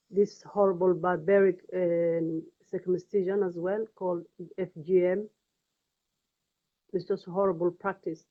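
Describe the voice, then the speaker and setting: Earnest Somali-accented woman, tinny phone audio. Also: fairly low pitch. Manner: earnest, pleading, halting and repetitive. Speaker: vlogger. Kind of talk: personal testimony vlog.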